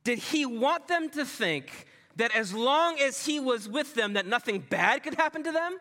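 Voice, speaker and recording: Guy preaching casually, lots of "like", highish bright voice, reverby hall. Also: lively intonation, normal speed. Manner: conversational, peppered with "like", drops soft for emphasis. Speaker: pastor. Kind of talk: sermon.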